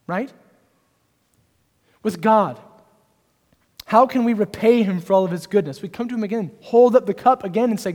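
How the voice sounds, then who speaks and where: Earnest high-voiced male preacher. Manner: earnest preaching, varies pace and loudness. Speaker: pastor. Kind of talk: sermon. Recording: hall reverb.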